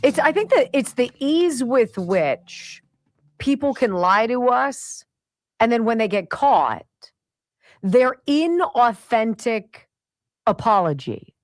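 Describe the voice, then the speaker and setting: A woman's voice: fairly high pitch, sing-song, slow, no echo. A woman hosting a talk radio show, giving indignant, opinionated commentary and addressing people directly.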